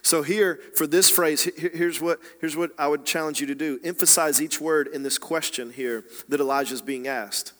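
A man preaching a sermon as a pastor, swinging between hushed, quiet passages and loud, rising exhortation. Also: on the high side, steady tone, normal speed, hardly any pauses, long reverb tail.

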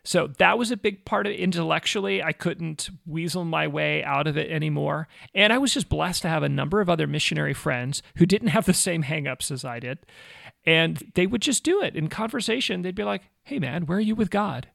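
Gravelly, higher-voiced man telling a story. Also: a little fast, no room sound, clean studio sound. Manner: animated, conversational, fond of "like" and self-mocking asides. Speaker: guest, former missionary. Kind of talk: personal storytelling interview.

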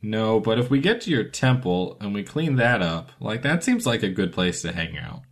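A man's voice: lowish voice, sing-song, normal speed. A man playing a weary male adventurer who is conflicted about his deeds, speaking earnestly and rambling a little. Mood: hopeful. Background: guitar music.

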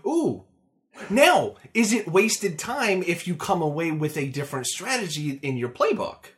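A man with a slightly higher voice co-hosting a relaxed gaming podcast. He talks with animated enthusiasm, often jumping in with excited asides and gentle teasing. He is recorded close on a podcast microphone. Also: a little slow. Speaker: podcast co-host. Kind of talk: casual gaming podcast chat.

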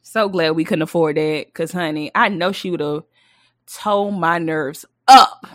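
A woman co-hosting a podcast in casual chat, expressive, mimicking her mother in a raised voice. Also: low-pitched, unhurried, no room sound, studio quality. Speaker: podcast co-host.

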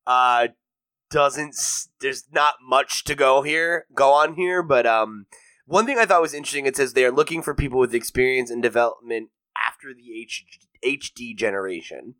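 A man co-hosting a gaming podcast in easy, casual chat. He jokes around, swears freely and laughs a lot. His voice sits at a middling pitch and sounds close and dry, with no room around it. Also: normal speed, bright, forceful tone, dry recording. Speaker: podcast co-host leading the news segment.

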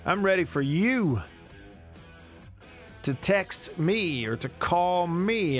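A man's voice: fairly high pitch, lively intonation, slow pace, a bit bright, faint music behind. A man, hosting a radio talk show and telling stories in a chatty, self-mocking way from a studio. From Alabama. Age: 30s. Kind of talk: casual radio talk and storytelling.

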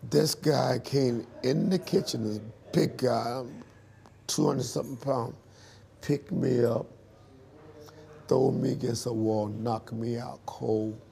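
A man in an interview, telling his life story in a lively storytelling way and acting out the dialogue. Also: mid-range voice, slow pace, creaky.

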